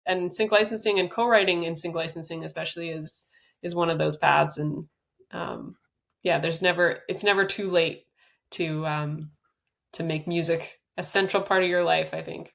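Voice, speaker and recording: A woman's voice: fairly low pitch, fairly even intonation, normal speed, vocal fry, a bit bright. A middle-aged woman author talking earnestly in a podcast interview, with many restarts and fillers, then reading aloud from her book. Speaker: author and guest.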